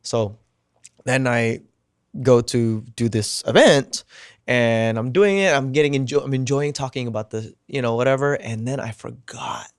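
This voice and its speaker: A man's voice: mid-range voice, moderate pace, clean tone, dry recording, clean studio sound. A man guesting on a podcast, telling a story casually and with energy. He swears freely, acts out the people he quotes, and drops to a whisper at tense moments.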